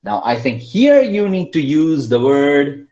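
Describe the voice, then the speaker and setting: A man teaching an online class, quizzing his students by name in a lively way. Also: fairly high pitch, a little slow. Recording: roomy, dull lo-fi online call audio.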